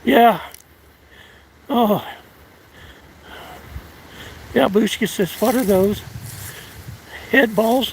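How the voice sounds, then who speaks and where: A breathless man talks slowly in a fairly high voice, drawling and stopping to catch his air between halting phrases. He is outdoors on open land, and loud wind roars over his phone mic. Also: rough recording. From United States. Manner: halting, drawling, many restarts and fillers. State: out of breath, winded. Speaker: live streamer. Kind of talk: casual live-stream chat while walking.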